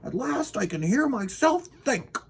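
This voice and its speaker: A man reading aloud and voicing a fussy grown man who can't stand noise, in a high squeaky exclaiming voice. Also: very animated, measured pace, exaggerated voice. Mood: relieved.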